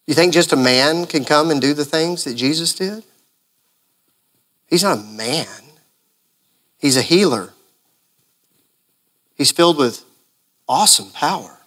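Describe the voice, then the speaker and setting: A male pastor preaching a sermon in an animated way, full of rhetorical questions. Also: on the high side, a little slow, long pauses.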